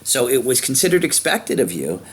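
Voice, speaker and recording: A man's voice: medium pitch, big pitch swings, normal speed, breathy edge. A man teaching a history lesson in a conversational way, with frequent fillers while he points at a map. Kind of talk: informal lecture.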